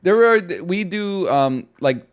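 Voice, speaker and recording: A man's voice: high voice, slow pace, clear, resonant tone. A man streaming a casual chat, ranting in disbelief with frequent laughs. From Canada. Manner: incredulous, animated ranting with laughs.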